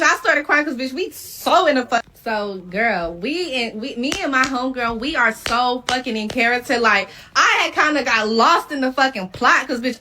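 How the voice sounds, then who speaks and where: Bright animated woman telling a story. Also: fairly high pitch. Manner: animated, profane, acts out quotes. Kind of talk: casual storytelling.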